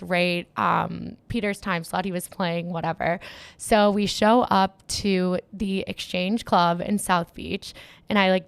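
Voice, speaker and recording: Speaking smoothly at a medium pitch with no echo, a young Miami woman who runs events and manages DJs talks in a relaxed interview. Her manner is excitable and chatty, full of "like" fillers.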